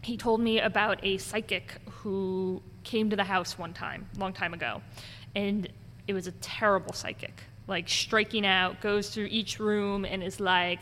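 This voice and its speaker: Unhurried and mid-range, a woman who gives ghost tours spins tales in a storytelling interview, acting out each person's voice as she quotes them. The audio carries long reverb plus a faint background noise.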